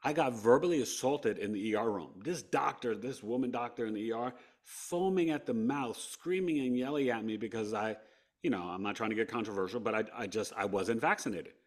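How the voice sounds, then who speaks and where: A man's voice: mid-range voice, a little fast. A man in his fifties from New York, a podcast guest telling a personal story in a casual, conversational way, full of "right?" and "you know" asides. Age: 50s.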